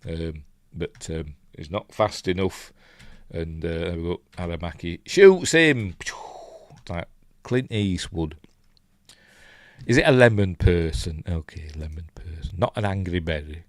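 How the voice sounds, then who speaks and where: Low-voiced Yorkshire man rambling through a review. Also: a little slow, dry recording, studio quality. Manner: rambling, chatty, thinks aloud. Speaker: film reviewer host. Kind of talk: casual live film breakdown, reading chat.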